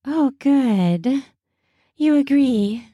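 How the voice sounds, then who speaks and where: Woman as a coy, breathy young waitress. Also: on the low side, expressive, slow pace, dark tone, dry recording, studio quality. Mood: teasing. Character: teasing, playful young waitress.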